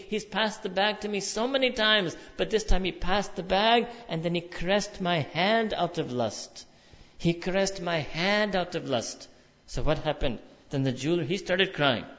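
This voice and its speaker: A man's voice: on the high side, fairly bright tone. A man preaching a night sermon and telling a moral story, earnest and rising to fervent emphasis, often checking in with the audience. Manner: checks in with the audience using "hmm?". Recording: echoey hall, dull lo-fi sound.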